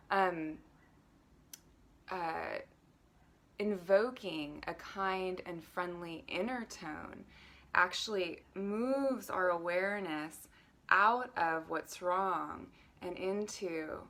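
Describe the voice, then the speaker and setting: A woman coaching on self-love in a live stream, calmly leading breathing and speaking in a gentle, guiding way that sometimes drops to a near whisper. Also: lowish voice.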